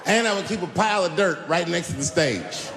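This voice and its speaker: Animated, profane male stand-up comic. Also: a little fast, creaky, long reverb tail, a crowd in the background, noisy background. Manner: animated, profane storytelling swinging from shouts to low mutters. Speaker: stand-up comedian. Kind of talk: stand-up comedy set.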